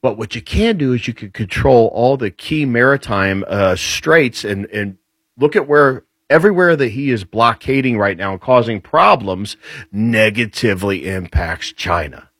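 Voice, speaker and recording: A man speaking as a guest commentator on military affairs, laying out his points in a lively, rambling way. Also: medium pitch, normal speed, husky, dry recording. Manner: lively explainer, rambling with restarts. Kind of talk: casual political talk.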